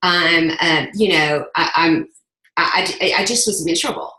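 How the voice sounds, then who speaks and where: A woman's voice: lowish voice, a little slow, sharp tone. A middle-aged woman, giving an earnest, impassioned personal testimony and repeating phrases for emphasis. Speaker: sales ambassador giving a testimonial. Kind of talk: emotional personal testimony speech. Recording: echoey room.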